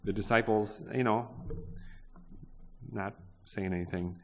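A man with a very low voice preaches a sermon to his congregation. He talks in a conversational way, asks questions and restarts his sentences. His voice rings with the long reverb of a big hall. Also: steady tone, measured pace, a little hiss or hum. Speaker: pastor.

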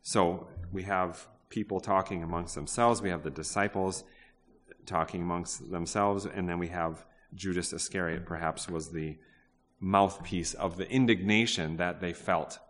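A man's voice: low-pitched, steady tone, a little slow, fairly bright tone. A man preaching a sermon in a conversational way, asking his listeners questions and often restarting his sentences. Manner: conversational, asks the congregation questions, frequent restarts. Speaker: pastor. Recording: long reverb of a large hall.

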